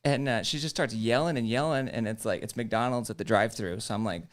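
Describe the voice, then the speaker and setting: A man's voice: mid-range voice, brisk. A man co-hosting a live stream show, telling casual anecdotes with jokes and free swearing. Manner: joking, casual storyteller, swears freely. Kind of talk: casual chat.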